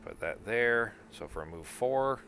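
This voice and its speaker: A man's voice: medium pitch, expressive, normal speed, vocal fry, a bit bright, slight background noise. A man acting as game master for a tabletop board game, thinking aloud, counting moves and swearing casually.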